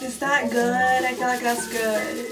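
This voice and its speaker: A woman's voice: fairly high pitch, level tone, measured pace. A young woman vlogging casually at home late at night, swearing constantly in a frustrated, self-mocking way. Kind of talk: casual talk to camera. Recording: distant mic with music behind.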